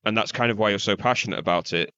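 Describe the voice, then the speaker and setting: Male podcast co-host, low voice, dull lo-fi mic, hesitant and loose. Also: quick pace, bright, forceful tone, clean tone, no echo. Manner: hesitant, loose, many restarts and fillers. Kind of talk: casual podcast chat.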